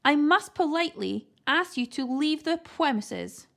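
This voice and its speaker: A woman's voice: sits high, expressive, measured pace, creaky, fairly bright tone, voice pushed up, exaggerated voice. A woman voicing a stiff, pompous, very posh male zoo director who says W for R. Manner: achingly posh, R's come out as W's.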